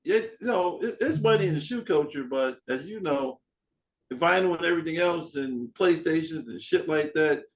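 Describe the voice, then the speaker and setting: A man hosting a podcast in casual chat, an animated storyteller who acts out dialogue and swears freely. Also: fairly high pitch, normal speed, poor audio. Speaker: podcast host.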